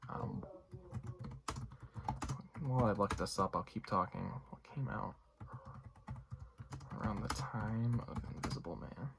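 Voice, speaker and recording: A man's voice: fairly low pitch, measured pace, vocal fry, pauses often, background noise. A young man giving a casual, rambling movie review, full of fillers and asides. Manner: rambling, lots of fillers and you-knows.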